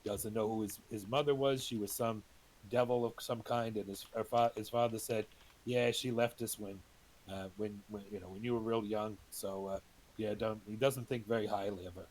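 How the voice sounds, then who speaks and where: A man's voice: on the low side, steady tone, normal speed, a little mellow. A middle-aged man playing in a tabletop game, joking around and then introducing his character with some hesitation. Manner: joking, hesitant, with many ums. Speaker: player. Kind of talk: casual chat and character introduction.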